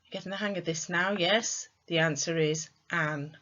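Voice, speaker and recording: Woman, online tutor, unhurried quizzing delivery, lowish pitch, lo-fi sound. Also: steady tone, a bit bright. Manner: slow, clear teacher's delivery with quizzing questions. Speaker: English tutor. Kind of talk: online English lesson.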